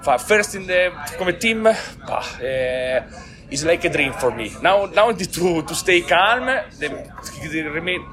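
An Italian man, a team manager, speaking in halting, broken English with many restarts and frequent laughs in a post-race interview. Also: on the high side, lively intonation, crowd noise.

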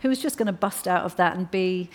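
Woman author chatting about her book, upbeat and lively. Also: on the low side, fast talker. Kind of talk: book discussion and reading.

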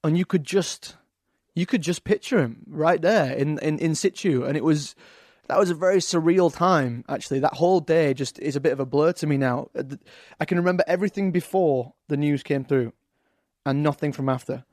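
A man's voice: on the high side, fairly quick, darkish tone, dry recording, studio quality. A man with an English accent, a guest talking casually on a podcast, hesitant with fillers and restarts. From England. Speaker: actor guest.

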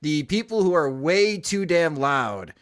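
A man's voice: fairly high pitch, very animated, measured pace. A man co-hosting a podcast, asking the guest friendly questions in casual chat. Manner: asks friendly questions about the guest's comedy. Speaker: podcast co-host.

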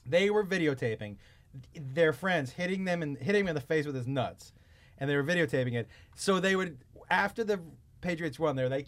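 Animated, swearing male storyteller. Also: on the high side, a little fast. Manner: animated storyteller, swears freely, acts out quotes. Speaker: podcast co-host. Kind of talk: casual chat.

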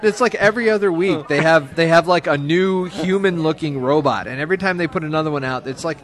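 A man's voice: a little high, fast. A man in casual podcast chat who rants and fires off questions to his friends.

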